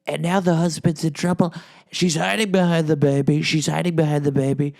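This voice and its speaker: A man doing a blustering gravelly former president. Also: on the high side, little pitch movement, brisk, darkish tone. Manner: boastful, rambling, repeats himself, asks "right?". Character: impression of a brash former president hosting a podcast. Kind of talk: comedic impression monologue.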